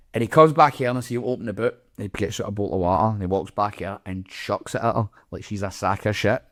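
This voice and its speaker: A man's voice: on the low side, fast talker. A Scottish man, co-host of a comedy podcast, telling a story in casual chat, swearing a lot and acting out the voices of the people in it.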